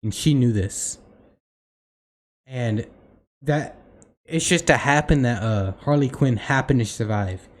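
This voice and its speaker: A man's voice: mid-range voice, slow pace, long pauses. Rambling young man chatting on a podcast. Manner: rambling, many fillers and restarts. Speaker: podcast co-host. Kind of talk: casual chat.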